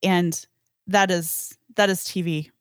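A woman's voice: fairly low pitch, steady tone, slow, dry recording, studio quality. A woman guest on a podcast, giving thoughtful, reflective commentary in casual chat.

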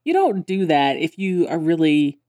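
Animated woman recapping with laughter. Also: normal speed, dry recording, studio quality. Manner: animated, laughs often, acts out lines in high squeals. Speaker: podcast co-host. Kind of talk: casual chat recapping a cartoon episode.

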